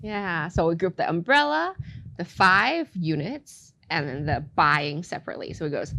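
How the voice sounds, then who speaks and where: A woman teaching Mandarin tones in a podcast lesson, playful and quick to laugh, saying phrases slowly for practice. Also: lowish voice, sing-song, creaky, sharp tone.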